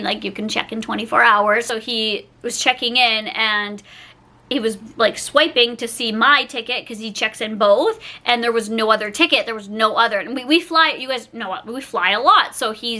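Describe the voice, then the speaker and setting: Young woman YouTuber, storytime vlog, chatty and animated, bright tone, lively delivery. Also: a little high. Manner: chatty, animated retelling with quoted dialogue.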